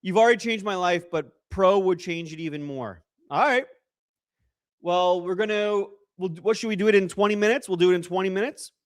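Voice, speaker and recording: A young man hosts a loose, joking livestream. He rambles through chat messages and donations, and his voice sits a little high. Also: a little fast. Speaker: livestream host.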